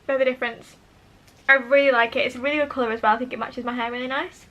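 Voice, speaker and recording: A woman's voice: sits high, fairly even intonation, fast talker, muffled recording. A young woman chatting to camera while testing make-up, enthusiastic and self-deprecating. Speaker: beauty vlogger. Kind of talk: casual make-up tutorial chat. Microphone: camera mic, talking to camera.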